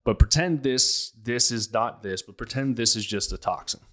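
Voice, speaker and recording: A man's voice: medium pitch, normal speed, a bit bright. A man from Pittsburgh hosting a health podcast, talking emphatically and firing off rhetorical questions. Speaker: podcast host, health practitioner. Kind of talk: casual health podcast monologue.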